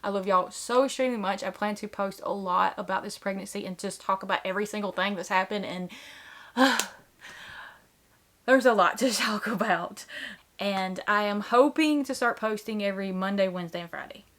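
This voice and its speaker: A woman in her thirties chats straight to the camera like a vlogger, earnest and open. Her pitch sits in an ordinary middle range. She leans on "like" and other fillers as she talks. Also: fast, hardly any pauses, a bit bright. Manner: chatty, earnest, lots of filler "like". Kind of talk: casual chat to camera.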